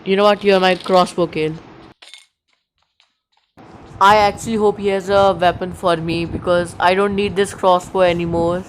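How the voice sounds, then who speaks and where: A young man with an Indian English accent, giving nervous, excitable running commentary on his own mobile gameplay. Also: sits high, measured pace, a little hiss or hum. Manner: excitable, panicky, talks to himself nonstop. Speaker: mobile gaming YouTuber.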